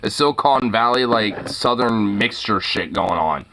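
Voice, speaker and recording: A man's voice: lowish voice, lively intonation, unhurried, bright, forceful tone, a little hiss or hum. A man hosting a casual talk show, ranting in a profane, rambling way full of fillers. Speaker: host. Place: lives in Portland.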